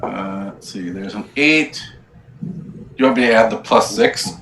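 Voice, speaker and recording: A man playing a tabletop game, casually reading out his dice totals in a relaxed, playful way. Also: lowish voice, unhurried. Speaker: player. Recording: roomy echo, faint background hiss.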